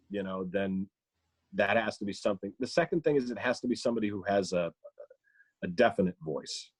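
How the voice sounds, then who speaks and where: A man's voice: on the low side, dry recording. A male comedian and voice actor, chatting casually as a podcast guest and breaking into impressions. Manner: animated, slips into quick impressions.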